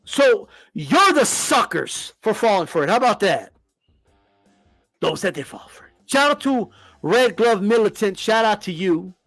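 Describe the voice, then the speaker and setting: A man's voice: sits high, very animated, unhurried, a bit bright, dry recording, soft background music. A man hosting a boxing channel, ranting to the camera with heavy swearing and lots of repetition. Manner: profane, heated, repeats himself.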